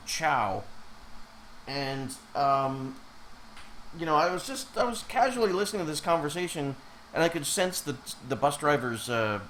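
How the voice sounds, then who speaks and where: A man's voice: a little high, a bit bright, a little hiss or hum, low-quality recording. A man who has a cold, chatting casually while streaming live as an animator and reacting to his chat.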